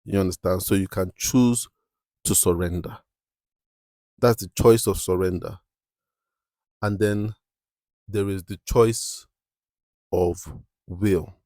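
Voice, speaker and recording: A young adult man hosting a podcast, talking in an emphatic, preachy way and often asking "you understand?", with his voice climbing high when he presses a point. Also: steady tone, takes it slowly, long pauses, mellow, no room sound, studio quality. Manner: rises sharply in pitch when stressing a point. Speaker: podcast host. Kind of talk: motivational podcast monologue.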